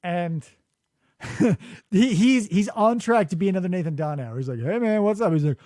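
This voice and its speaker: A man hosting a casual comedic podcast chat in a studio, animated and mocking, slipping into quick impressions. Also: sits high, dry recording. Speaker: podcast host. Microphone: studio mic.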